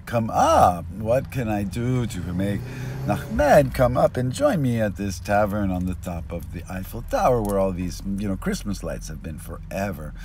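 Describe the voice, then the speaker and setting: A man voicing a short, stocky male tourist twin who shouts down excitedly from a tall tower. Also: on the low side, unhurried, slight background noise. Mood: whimpering.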